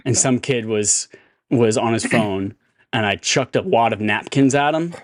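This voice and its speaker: Podcast dude telling stories, swears a ton, animated, dry close mic. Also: male voice, mid-range voice, unhurried, no echo. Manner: animated, profane storytelling. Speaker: podcast co-host. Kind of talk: casual chat, storytelling.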